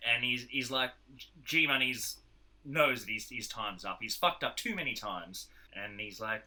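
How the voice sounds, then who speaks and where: An Australian man on a casual podcast, telling a film's story with animated energy. His voice is very bright and sharp, and he is at a middle pitch for a man. He slips into the characters' voices as he recaps the plot. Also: normal speed. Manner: animated retelling, acts out characters' lines. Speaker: podcast co-host. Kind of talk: casual film review chat.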